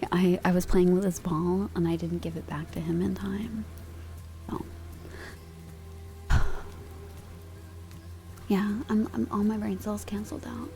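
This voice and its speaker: Woman, ASMR streamer, slow unhurried pace, soft whispers mixed with quiet talk, playful, home sound booth. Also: lowish voice, little pitch movement, faint music behind. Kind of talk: casual live-stream chat in ASMR.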